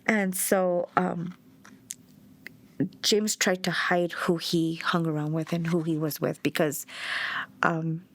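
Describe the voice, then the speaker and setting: A woman's voice: on the low side, flat delivery, takes it slowly, long pauses. Middle-aged mother, documentary interviewee; direct, blunt, speaks her mind. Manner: blunt and outspoken. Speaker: bereaved mother.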